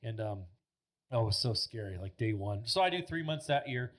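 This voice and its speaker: A man's voice: medium pitch, lively intonation, fairly quick, fairly bright tone. A man in his thirties, a podcast guest telling stories in a rambling, casual way, full of filler words and swearing. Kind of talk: casual storytelling chat. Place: podcast studio.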